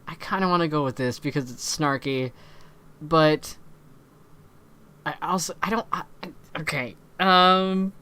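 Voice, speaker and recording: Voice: medium pitch, measured pace, pauses often, pushed and bright, smooth. A let's play host reading a dating-sim game aloud, breaking off often for wry, self-mocking asides.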